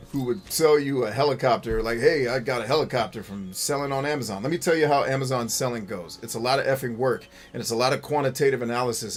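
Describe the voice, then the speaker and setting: A man hosting a gaming livestream, ranting bluntly and with swearing while reading chat messages aloud. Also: medium pitch. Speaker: gaming show host. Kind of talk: livestream gameplay commentary and chat.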